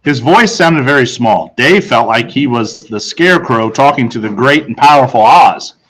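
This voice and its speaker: A male teacher reads a children's novel aloud. His voice sits at a middle pitch. He keeps the narration steady and quickens through the tense passages. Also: rough recording. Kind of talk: read-aloud storytelling.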